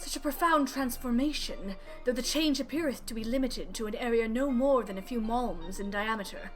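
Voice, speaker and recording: Woman voicing a stately male elf scholar with archaic speech, bright high voice, faint game music behind, read aloud during a game stream. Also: close to an everyday voice. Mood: formal. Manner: ornate, archaic phrasing, measured reading. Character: learned, formal male elven scholar speaking archaic. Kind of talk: reading game dialogue aloud in character.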